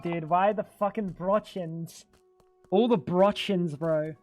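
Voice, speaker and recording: A man's voice: high-pitched, slow, darkish tone, no echo, faint music behind. A young man livestreaming a game, bantering with his chat in a joking, profane way. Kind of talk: casual gaming livestream chat.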